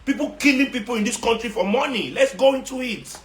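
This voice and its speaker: A man with a Nigerian accent and a fairly high voice, ranting at his listeners with sarcasm and hammering repetition. He drops into Nigerian Pidgin as he goes, and his voice rings around a roomy, echoey space. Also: a little fast, fairly bright tone. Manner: confrontational, sarcastic, repeats for emphasis. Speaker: activist speaking to followers. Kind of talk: impassioned monologue. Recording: roomy echo.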